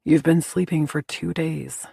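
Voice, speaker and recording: A woman voicing a commanding alpha man who speaks low, firm and insistent. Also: steady tone, measured pace, gravelly, dark tone, breathy edge, dry recording, studio quality, full character voice. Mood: soft.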